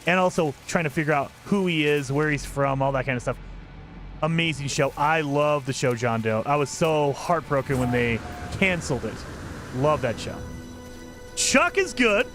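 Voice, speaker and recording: A man's voice: fairly high pitch, animated, normal speed, over music. A man streaming a video game, chatting casually and rambling with enthusiasm, often laughing at himself. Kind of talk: casual chat while gaming.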